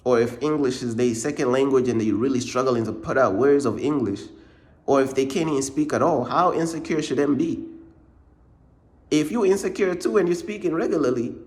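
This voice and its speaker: A man's voice: mid-range voice, moderate pace, a little mellow. A man giving a casual, informal faith pep talk in slangy speech, repeating his points and often calling the listener "bruh". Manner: repetitive, informal slang, says "bruh" a lot; emphatic, circles back to points. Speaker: ministry channel host.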